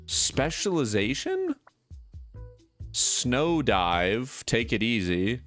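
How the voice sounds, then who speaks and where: A man's voice: medium pitch, wildly swooping pitch, slow pace, a bit bright, soft background music. A man streaming a video game, telling a rambling, profane story in casual chat, full of fillers and restarts.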